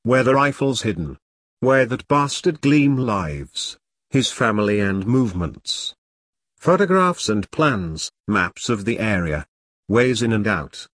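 A loyal old army friend talks bluntly and plainly, as a male narrator puts him on. The voice is husky, with lively rises and falls, and it sounds dry and close. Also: fairly low pitch, slow pace, no echo, full character voice.

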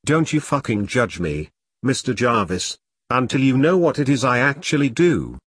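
A man's voice: medium pitch, big pitch swings, moderate pace, a bit bright, husky, dry recording, clean studio sound. A man voicing a fierce, foul-mouthed woman in an audiobook, speaking bluntly and defiantly. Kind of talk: audiobook character reading.

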